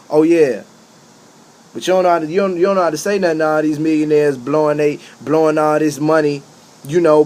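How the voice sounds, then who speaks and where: A street preacher delivers an impassioned spoken monologue in a high, emphatic voice. He is preachy and repetitive, breaking into emphatic rising outbursts.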